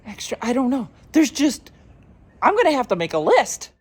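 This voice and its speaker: A woman's voice: on the high side, big pitch swings, normal speed, slightly rough. A woman vlogging casually from her farm, chatting and talking to her animals. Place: outdoors on a farm.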